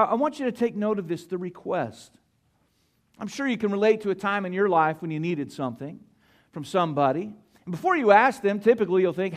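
A man preaching a sermon as pastor, rising to emphatic peaks and dropping to hushed, slow lines. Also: high voice.

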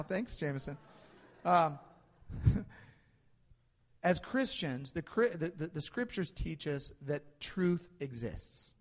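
A man's voice: on the high side, animated, normal speed. A man in his thirties, a pastor giving a casual, story-filled sermon with lots of ums and restarts. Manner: casual, anecdotal preaching with frequent fillers and restarts. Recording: long reverb in a large hall.

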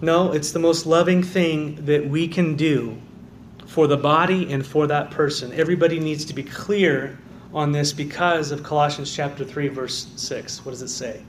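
Pastor, man, high-pitched, preaching with sudden soft drops and loud rises, echoey sanctuary with faint hiss. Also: steady tone, moderate pace. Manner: swings from quiet, low emphasis to loud, fervent calls of "amen". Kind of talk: sermon. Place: church sanctuary.

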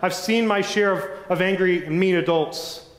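A man's voice: moderate pace, natural voice. A preacher doing a scared little orphan girl. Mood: wary. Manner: high pleading cries, timid. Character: frightened little orphan girl lost in woods. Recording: echoey church hall.

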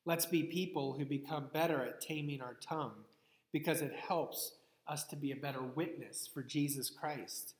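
A man preaching a sermon as a pastor, measured and earnest, posing rhetorical questions to his listeners. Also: fairly high pitch. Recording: echoey hall with long reverb.

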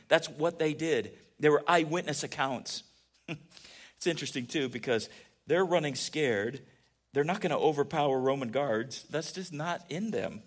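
A man preaching a conversational sermon, asking his listeners questions and moving between quiet asides and emphatic peaks. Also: fairly high pitch. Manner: animated, asks the audience questions, swings between soft asides and emphatic peaks. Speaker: pastor.

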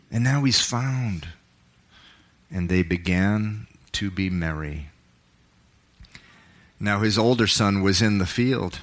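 A man, a pastor, preaching a sermon in church, reading scripture with dramatic swells and hushed drops. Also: medium pitch. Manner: dramatic, swells up on key words and drops to a hush.

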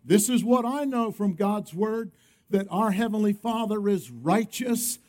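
A man's voice: high voice, lively intonation, measured pace, a little mellow. A male pastor preaching a sermon, emphatic, often calling on the congregation to respond.

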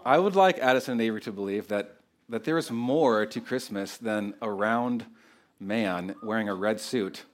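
A man in his thirties preaching a sermon as pastor, talking in a loose, unscripted way with fillers and restarts. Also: lowish voice.

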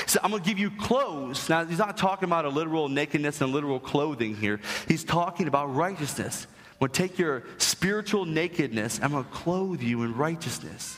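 A man's voice: fairly high pitch, lively intonation, moderate pace, fairly bright tone. A young adult man preaching a sermon as pastor, emphatic and rising to strong stress on key points. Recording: long hall reverb.

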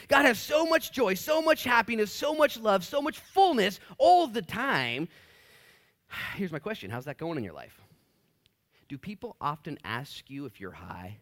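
A male pastor preaching a sermon in an excitable, animated way, with joking asides and a soft, hushed tone when he prays. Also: medium pitch, moderate pace.

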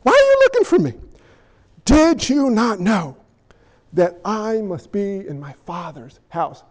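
A man voicing an earnest young man asking his parents slow, high questions. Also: big pitch swings, big-room sound.

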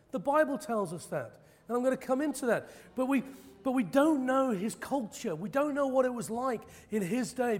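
Speaking in a very high-pitched yet darkish voice inside a large hall, a man preaches, moving from prayer into personal testimony. His delivery is impassioned and emphatic, broken up by self-deprecating jokes and humorous asides.

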